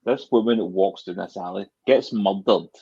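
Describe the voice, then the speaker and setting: A man, co-hosting a podcast and spinning deadpan, absurd jokes. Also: sits low, moderate pace, creaky, dull audio, background noise. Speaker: podcast co-host. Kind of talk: casual chat.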